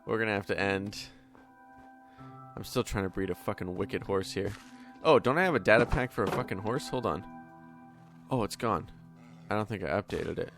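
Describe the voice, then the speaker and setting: Male gaming host, deep gravelly voice, casual sweary commentary, tired voice, faint music bed. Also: moderate pace, pauses often. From Canada. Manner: chatty, swears freely, easily excited. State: voice tired from many takes.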